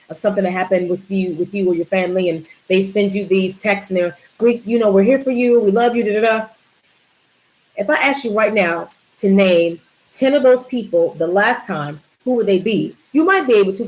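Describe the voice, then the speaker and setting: A woman's voice: mid-range voice, darkish tone, poor audio. A woman giving a live community talk on wellness, emphatic, repeating key words and asking the audience questions. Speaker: wellness presenter.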